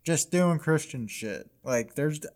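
A man's voice: a little high, expressive, slow. A man tells a history story in a loose, conversational podcast style. He swears freely, hedges with fillers, and laughs a lot. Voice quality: casual, profane, laughs easily. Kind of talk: casual comedy podcast narration.

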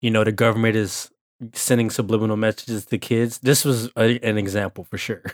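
A man's voice: lowish voice, level tone, brisk, no room sound, clean studio sound. A young man co-hosting a casual podcast, joking and laughing often. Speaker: podcast co-host. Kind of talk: casual chat.

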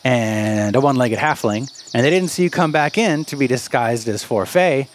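A man running a tabletop game as game master, jokey and animated and laughing often. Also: mid-range voice, normal speed, a little hiss or hum.

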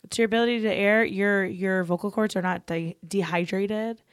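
A woman's voice: mid-range voice, steady tone, moderate pace, smooth, dry recording, clean studio sound. A young woman who sings, co-hosting a podcast in casual chat, talking in a chatty way and earnestly giving advice on vocal health. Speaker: podcast co-host, singer. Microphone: podcast microphone.

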